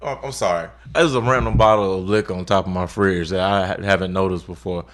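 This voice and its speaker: A man's voice: deep voice, steady tone, fast talker. A man co-hosting a podcast who jokes around in a wry, casual way. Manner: wry, joking. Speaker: podcast co-host. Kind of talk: casual chat.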